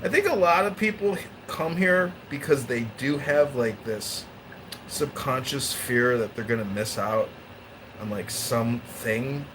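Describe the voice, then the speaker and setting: Rambling man chatting, faint hiss. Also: measured pace. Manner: rambling storyteller with bursts of high-pitched mimicry. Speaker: podcast host. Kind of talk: casual group chat.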